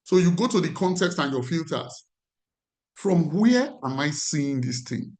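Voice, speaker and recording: A man's voice: fairly high pitch, sing-song, measured pace, a little mellow. A man with a Nigerian accent, a life coach teaching a class in an emphatic way and repeating his key phrases.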